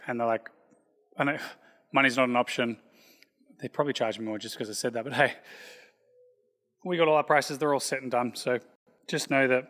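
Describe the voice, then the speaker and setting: A man, a personal trainer and gym founder, talking in a loud, energetic, casual podcast style. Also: mid-range voice. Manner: loud, energetic, self-described loud guy. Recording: long hall reverb.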